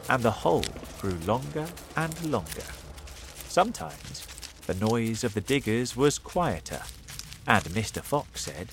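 A man reading a children's storybook aloud in an expressive manner. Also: lowish voice, measured pace, slight background noise. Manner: animated, expressive read-aloud delivery. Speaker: narrator.

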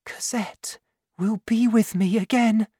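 A man's voice: high voice, level tone, measured pace, mellow, smooth, no echo, voice pushed up. A man voicing a sick, desperate young woman in an audiobook, pleading and close to tears. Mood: quiet relief.

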